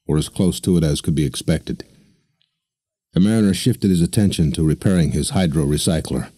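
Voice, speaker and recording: A man narrating an audiobook in a steady, even storytelling manner. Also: very deep voice, breathy edge, no echo. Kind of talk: scripted narration.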